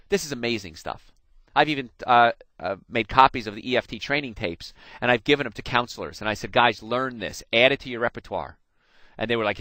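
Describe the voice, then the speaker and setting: A man's voice: a little high, no echo. A middle-aged man from New Jersey with a slight New Jersey accent, hosting a radio health show in a folksy, storytelling way and talking straight to his listeners. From New Jersey, USA. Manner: folksy storytelling, animated, addresses listeners directly. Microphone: studio microphone.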